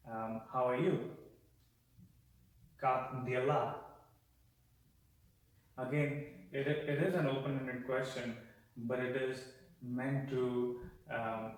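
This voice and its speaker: A man teaching simple phrases to healthcare workers, patiently repeating words slowly for practice. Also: medium pitch. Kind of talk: explanatory lesson with slow repeated drills. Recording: echoey room, voice far from mic.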